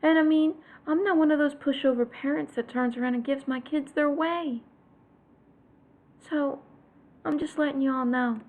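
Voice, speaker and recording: A fairly high-voiced woman in her thirties rants to her viewers, her speech full of gravelly fry. She talks emphatically and exasperatedly, often sinking into a hushed whisper for a punchline. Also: steady tone, moderate pace, narrow, tinny audio. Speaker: mother venting to viewers. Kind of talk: casual vlog rant.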